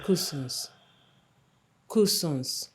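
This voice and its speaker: A woman's voice: low voice, lively intonation, very slow, heavily acted. A woman with a Nigerian accent, playing a young woman who coaxes and reassures her jealous boyfriend in a film. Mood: reassuring. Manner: coaxing, affectionate. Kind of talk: Nollywood film acting.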